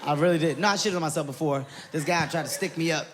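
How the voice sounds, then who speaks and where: A man telling a stand-up comedy story, animated and loud, often laughing as he talks, recorded at a live show. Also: on the high side, quick pace. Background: loud audience laughter and noise.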